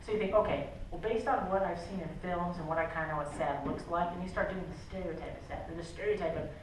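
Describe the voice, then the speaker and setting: A man's voice: high voice, fast talker, a little hiss or hum. A man teaching a drama class, coaching students through an exercise with lots of energy and fillers. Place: school drama room with hardwood floor. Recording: very echoey room, far from the mic.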